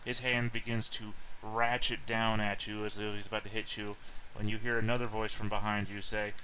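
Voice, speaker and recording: A man running a tabletop game, his low, bright, forceful voice halting on fillers as he narrates. A faint background hum stays under him. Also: flat delivery, poor audio. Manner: hesitant, full of fillers. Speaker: game master.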